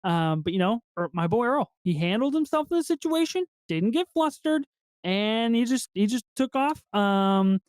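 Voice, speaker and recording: A man co-hosting a podcast in casual film review chat, excitable and swearing freely as he acts out movie lines. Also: high-pitched, moderate pace, smooth, no echo, studio quality. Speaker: podcast co-host.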